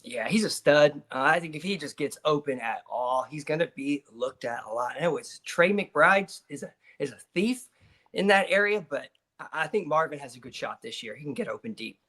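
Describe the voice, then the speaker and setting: A man's voice: fairly high pitch, expressive, normal speed, a bit bright. A man co-hosting a sports-betting show in casual chat, giving short, easygoing answers with fillers.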